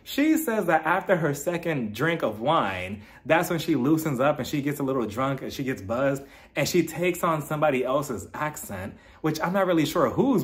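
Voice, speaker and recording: A man recapping a reality show in a casual, gossipy way, laughing often and acting out quotes. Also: a little high.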